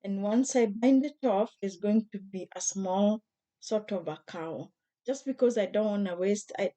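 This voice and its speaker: A woman with a hoarse, mellow tone talks her viewers through a craft project. She speaks gently and chattily, pausing often and restarting her sentences. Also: mid-range voice. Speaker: crochet vlogger. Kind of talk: casual craft tutorial.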